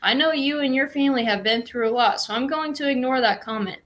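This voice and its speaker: A woman's voice: sits high, quick pace, pitched above the performer's own voice, lightly acted. A woman reading as a stern prison warden. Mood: threatening. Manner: firm, clipped and authoritative. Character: stern middle-aged male prison warden.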